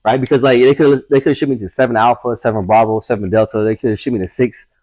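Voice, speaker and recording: A man's voice: mid-range voice, fairly even intonation, quick pace, a little mellow, dry recording. A man, a tattoo artist guest, telling a casual story full of swearing and acting out the voices of people he quotes. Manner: profane, acts out quoted voices.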